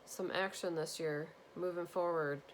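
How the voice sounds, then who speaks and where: A woman giving a gentle, earnest spiritual tarot reading to her viewers, repeating reassuring phrases. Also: on the low side, fairly even intonation, a little slow, slight background noise. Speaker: tarot reader.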